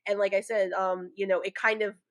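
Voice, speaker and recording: A young woman co-hosting a casual chat podcast. She talks in long rambling runs full of filler words and restarts. Her pitch sits in the middle of the range. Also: flat delivery, fairly quick, a bit bright. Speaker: podcast co-host.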